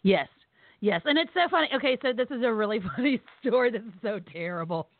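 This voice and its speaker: Animated woman telling stories over a tinny line. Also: fairly high pitch, fast, no echo. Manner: animated, laughing storyteller acting out quotes. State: recovering from surgery, on pain meds. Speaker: podcast co-host. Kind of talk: casual storytelling chat.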